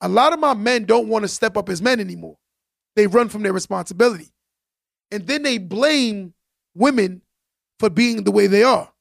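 A man's voice: high-pitched, normal speed, creaky, no echo, studio quality. A man hosting a podcast, talking in an emphatic, preachy way and repeating phrases for stress. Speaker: podcast host. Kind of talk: casual podcast monologue.

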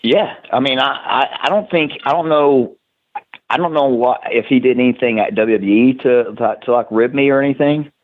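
A man's voice: medium pitch, moderate pace, a little hiss or hum. Tennessee man, tinny phone-like sound. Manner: laughing, rambling with restarts. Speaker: wrestler guest. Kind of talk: casual storytelling chat.

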